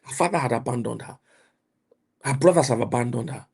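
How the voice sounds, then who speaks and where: A middle-aged Nigerian man with a Nigerian accent, preaching and mentoring emphatically, repeating himself and rising to loud outbursts. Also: medium pitch, a little fast, creaky, husky. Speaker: pastor and mentor. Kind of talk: motivational preaching.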